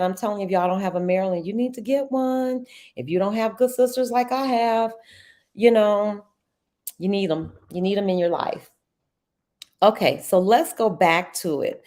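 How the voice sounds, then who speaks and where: A middle-aged woman, hosting a casual live trading walkthrough, chatty and quick to laugh. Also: medium pitch, a little mellow. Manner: chatty, laughs often, addresses viewers as y'all.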